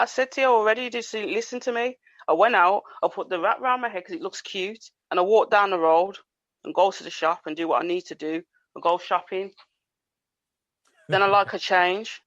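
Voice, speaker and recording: Here a woman co-hosting a podcast makes her points emphatically and repeatedly, often talking over others in casual conversation. Her voice is medium in pitch with a fairly bright tone, captured without echo but in dull lo-fi sound.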